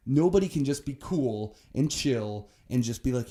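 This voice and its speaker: A young man with a mellow, dark-toned voice rants on a podcast, cursing freely as he vents. His delivery is heated and profane, with the loose rhythm of casual chat between co-hosts. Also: medium pitch, brisk, few pauses. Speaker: podcast co-host.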